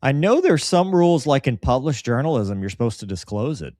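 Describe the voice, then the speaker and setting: A man's voice: medium pitch, sing-song, brisk, darkish tone, dry recording, clean studio sound. A man hosting a podcast, chatting casually and animatedly, often mimicking the voices of people he quotes. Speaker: podcast host.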